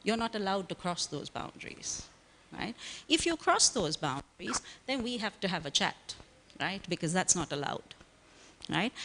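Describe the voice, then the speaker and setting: A woman's voice: medium pitch, fairly bright tone, slight background noise. A woman counselor giving an emphatic interview answer who keeps asking "right?". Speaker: guest, counselor. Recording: long reverb.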